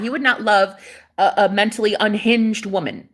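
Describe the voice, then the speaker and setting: A manifestation coach rambles through a casual vlog monologue, swearing a lot and hitting her points hard. Her voice sits in the mid range, expressive and fairly bright, at a normal speed.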